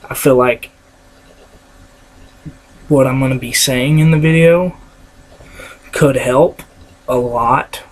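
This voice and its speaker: Slow, scratchy-voiced Kentucky man. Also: mid-range voice. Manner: halting, with many fillers and pauses. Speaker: vlogger. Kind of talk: casual vlog talk. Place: small room with a door, indoors.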